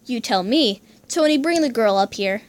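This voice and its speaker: A woman's voice: fairly high pitch, animated, normal speed, lightly acted. A woman voicing a cold, menacing older male general who speaks in stern commands.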